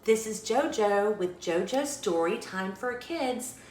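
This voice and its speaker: Woman reading a kids' picture book aloud; slow, lively, expressive; roomy sound. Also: mid-range voice, slight background noise. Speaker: children's story reader and host. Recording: echoey room.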